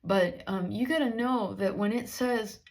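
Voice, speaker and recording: A woman's voice: medium pitch, a little slow. A woman preaching a sermon in an earnest, conversational way, with many rhetorical questions.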